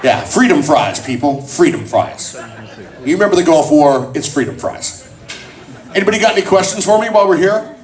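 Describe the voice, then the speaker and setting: A man's voice: on the high side, a little fast, distant mic. A man telling jokes and stories to a convention crowd at a panel. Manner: joking, animated storyteller. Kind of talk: comedic panel talk to a crowd.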